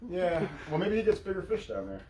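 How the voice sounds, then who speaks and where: A man co-hosting a casual chat, relaxed, prompting a friend with questions and laughing often. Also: sits high, brisk, roomy sound, slight background noise, rough recording. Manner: laid-back, asks questions, laughs often. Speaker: co-host.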